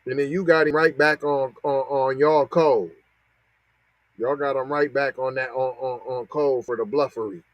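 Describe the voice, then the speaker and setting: A man's voice: medium pitch, fairly even intonation, normal speed, dry recording, rough recording. A man, hosting a podcast and reacting to news clips with mocking, repetitive commentary. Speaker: podcast host.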